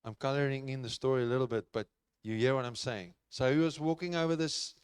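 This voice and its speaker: Earnest male preacher, smooth, dry sound. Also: mid-range voice, quick pace, no room sound. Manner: earnest, conversational preaching with repeated phrases. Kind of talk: sermon. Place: church.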